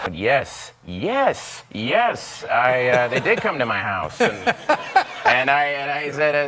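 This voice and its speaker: A man, a comedian guest, telling animated stories on a talk show and slipping into voices. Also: medium pitch, slow, long pauses, noisy background. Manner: animated storyteller, slips into voices. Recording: TV broadcast with audience laughter.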